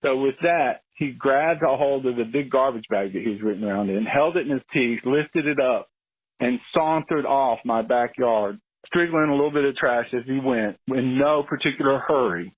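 A man from Florida tells a lively anecdote over a call-in line. His voice is husky and dry, and the narrow phone sound thins it out. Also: mid-range voice, normal speed, no echo. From Florida, USA. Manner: animated storyteller, loud when acting out yelling. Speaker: caller. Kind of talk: telling a story on a call-in line.

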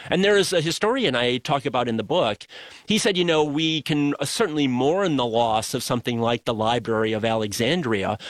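A man, an author, patiently explains an idea in an interview. His voice is mid-pitched and recorded close and dry. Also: brisk, no echo. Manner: thoughtful, explanatory. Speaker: author guest. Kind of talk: interview answers.

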